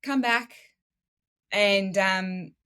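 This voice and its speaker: An Australian woman in her thirties tells her story as a guest in a relaxed podcast chat. She talks in a lively, animated way, laughs often, and acts out the lines of the people in her story. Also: medium pitch, extremely slow, clean tone. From Western Australia. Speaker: guest, medical student and former nurse.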